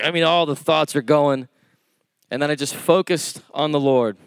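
Preacher, male, high and passionate, storyteller, dry close sound. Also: steady tone, moderate pace, clean tone, dry recording. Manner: impassioned, storytelling with quoted dialogue. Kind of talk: sermon.

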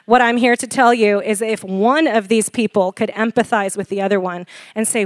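A woman in her forties preaching a sermon, animated and laughing often as she questions the congregation. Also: medium pitch, moderate pace, no echo, clean studio sound. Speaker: pastor.

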